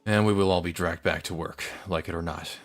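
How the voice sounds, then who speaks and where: A man's voice: sits low, steady tone, fairly quick, close to an everyday voice. A man voicing a stern, fussy middle-aged facility manager from a game story, in a formal, lecturing manner.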